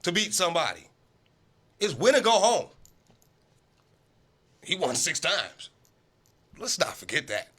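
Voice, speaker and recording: A man's voice: on the high side, sing-song, a little slow, pauses often, a bit bright, slightly rough. A man hosting a casual sports talk show, arguing emphatically and repeating himself for emphasis.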